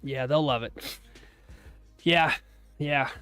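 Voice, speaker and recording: A man's voice: medium pitch, slow, a bit bright, clear, resonant tone, faint music behind. A man hosting a casual live stream, chatting and joking with his viewers and thanking them often. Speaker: live-stream trading host.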